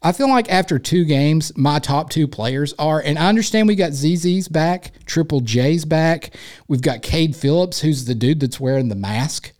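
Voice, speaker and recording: A man's voice: fairly high pitch, lively intonation, moderate pace, a little mellow. A man with an East Tennessee accent hosting a sports podcast alone, rambling in a casual, jokey, self-deprecating way. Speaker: podcast host.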